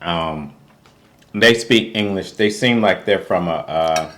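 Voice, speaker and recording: A man with a fairly low voice chats through a TV recap in loose, slangy talk. He keeps jumping into a high voice to mimic the people on the show. Cutlery and dishes clink while he eats. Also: takes it slowly. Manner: animated, acts out quotes with sudden high voice; informal, slangy. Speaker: co-host of a reality TV recap. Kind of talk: casual recap chat over a meal.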